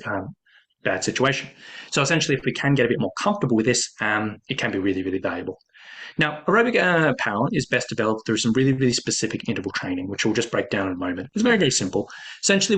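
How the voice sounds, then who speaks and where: Fast-talking casual male fitness coach. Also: mid-range voice, a bit bright. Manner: quick, casual and repetitive, stacking "really, really" and "essentially". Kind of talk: explaining a training method to hikers.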